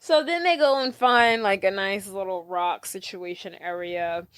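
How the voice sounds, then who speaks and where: A woman's voice: mid-range voice, a little slow, fairly bright tone, clear, resonant tone, no room sound. A woman co-hosting a podcast, playfully retelling a film and voicing the characters' lines. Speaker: podcast co-host. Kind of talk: casual movie recap chat.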